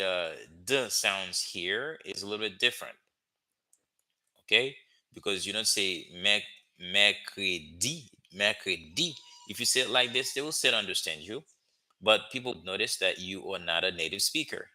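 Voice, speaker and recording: Haitian-accented male teacher on a livestream, deep bright voice, patient and repetitive. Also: rough recording. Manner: slow, drilling repetitions, frequent "okay?" checks. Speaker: language teacher. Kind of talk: livestream language lesson.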